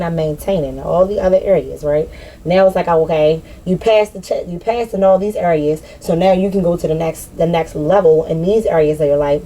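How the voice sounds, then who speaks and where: A woman talking candidly in a personal vlog, slangy and animated, swearing and laughing at herself. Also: on the low side, a little hiss or hum. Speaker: spiritual vlogger.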